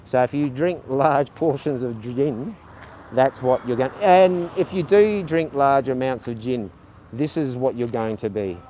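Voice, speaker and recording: Speaking in a dark, mid-range voice at a measured pace, a livestream host strolls city streets. Between stutters and frequent ums he rambles on and throws sarcasm back at his chat, and faint street noise sits under it all.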